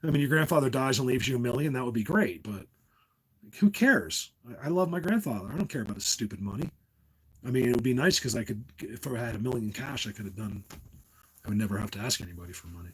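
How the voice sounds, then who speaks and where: A husky middle-aged man from New Jersey hosts a casual live stream, talking straight to his chat. He drifts from one tangent to the next and laughs often along the way. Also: mid-range voice, expressive, fast, poor audio. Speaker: livestream host.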